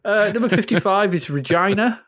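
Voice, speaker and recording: A man's voice: high-pitched, expressive, moderate pace, fairly bright tone, no room sound. A man co-hosting a podcast, reading out chart entries with dry jokes. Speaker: podcast co-host. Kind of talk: casual chat.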